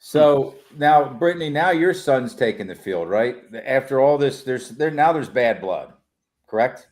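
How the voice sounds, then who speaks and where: A man's voice: medium pitch, expressive, a little slow, darkish tone. A man hosting a podcast interview, with brief prompts and follow-up questions. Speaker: podcast host.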